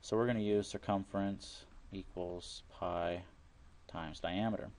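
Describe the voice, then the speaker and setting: Low-voiced male teacher walking through a math lesson, plain and patient, repeats key steps. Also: steady tone, measured pace, a little mellow, a little hiss or hum. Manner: plain explanatory, repeats steps, works problems aloud.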